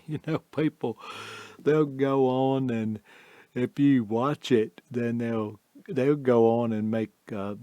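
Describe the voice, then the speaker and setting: A man hosting a comedy show, rambling haltingly with fillers and chuckles. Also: lowish voice, darkish tone, no echo. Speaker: host. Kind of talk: comedy monologue.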